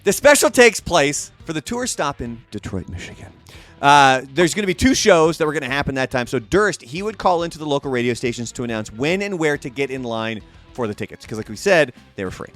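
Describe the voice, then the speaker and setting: A man's voice: a little high, a little fast, no echo, soft background music. A man hosting a casual podcast, telling a story with lots of swearing and acted-out quotes. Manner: animated, profane, acts out quotes. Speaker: podcast host.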